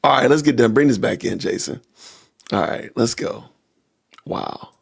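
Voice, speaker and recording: A man hosting a casual livestream podcast, reacting out loud and talking to his viewers as "y'all". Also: medium pitch, animated, moderate pace, gravelly, breathy edge. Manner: talks to chat with y'all, reacting loudly. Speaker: podcast host.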